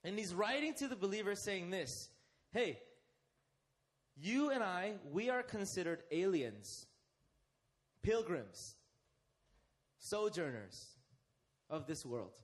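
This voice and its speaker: A young man delivers a sermon in a high, animated voice that rises and falls freely. He keeps questioning his congregation and drawing them in. He slows right down to stress the phrases that matter. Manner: interactive, asks the congregation questions and leads them. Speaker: preacher.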